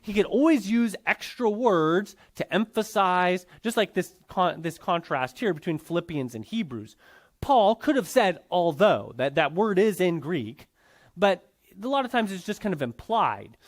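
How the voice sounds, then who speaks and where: A man's voice: high-pitched, animated, unhurried. A man teaching a Bible class in a conversational lecture style, often checking in with his students.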